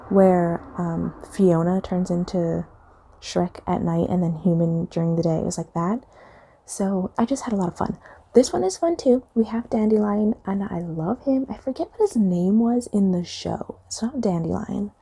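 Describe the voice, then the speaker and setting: A young woman rambles chattily to her camera in a dark, mellow tone. Her voice is gravelly and husky, with fillers as she drifts from thought to thought. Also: mid-range voice, moderate pace. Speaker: reading vlogger. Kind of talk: casual chat.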